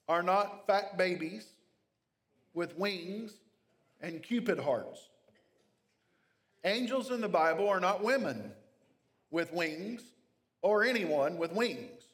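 A man preaching a sermon, reading scripture aloud and explaining it verse by verse with measured pauses. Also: high voice, long reverb tail. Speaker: pastor.

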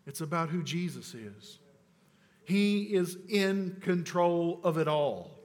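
A male pastor delivers a sermon in a fairly high voice. He moves between loud, urgent declarations and slow, hushed emphasis, with casual asides in between. The sound carries a long reverberant tail. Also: expressive. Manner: emphatic preaching, swinging from loud urgent declarations to low, slow, quiet stresses; casual asides mixed with scripture teaching.

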